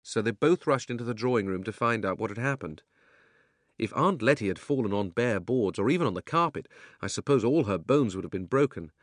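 A man narrating a chapter of a children's novel as an audiobook, with expressive storytelling. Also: lowish voice, no echo. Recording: dry close studio sound.

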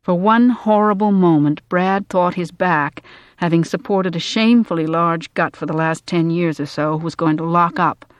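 An audiobook narrator reading a story in a measured, even way. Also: medium pitch, smooth, no echo. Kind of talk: scripted narration.

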